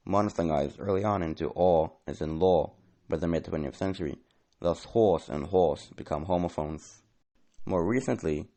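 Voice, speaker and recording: A man narrating a scripted lesson, explaining things in an even tone. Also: sits low, moderate pace. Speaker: educational narrator.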